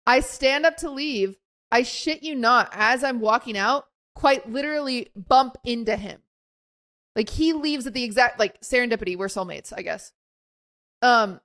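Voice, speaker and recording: A woman's voice: on the high side, a little slow, a bit bright. A young woman co-hosting a podcast, telling a story in a casual chat and acting out quotes with lots of fillers. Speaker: podcast co-host.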